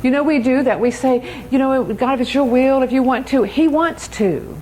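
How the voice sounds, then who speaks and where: Older lady preaching her testimony, high voice, laughs a lot, bit of faint hiss behind. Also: steady tone, a little mellow, poor audio. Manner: emphatic, laughing often, slows for key phrases. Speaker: speaker at a church. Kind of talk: testimony sermon.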